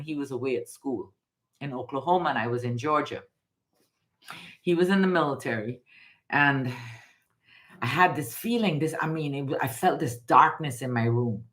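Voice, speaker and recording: A woman's voice: low-pitched, fairly bright tone. A middle-aged woman, a card reader from Guyana, talking casually and emphatically, often repeating phrases. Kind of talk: casual spiritual reading and storytelling.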